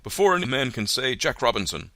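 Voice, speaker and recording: A man putting on a loud jovial old merchant. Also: mid-range voice, big pitch swings, quick pace, dry recording, voice pushed up. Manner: loud, hearty, rich, oily voice. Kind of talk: audiobook character reading.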